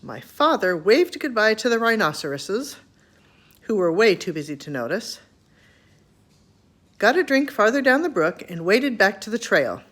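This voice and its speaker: A woman reading a children's chapter book aloud to her grandchildren, expressive and homely. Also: medium pitch, moderate pace, pauses often.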